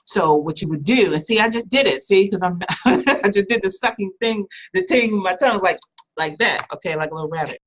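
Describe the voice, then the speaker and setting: A woman's voice: medium pitch, expressive, a little fast, slight background noise. A woman hosting an online webinar, giving speaking tips in a chatty, casual way with fillers and small laughs. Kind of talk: casual instructional talk.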